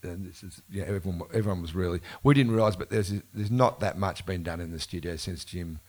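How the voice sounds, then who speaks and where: Quick-paced, with a low-sitting, darkish voice, a male musician tells rambling stories while being interviewed. The casual conversation, full of self-corrections and laughter, was recorded live at a bookshop event with an audience.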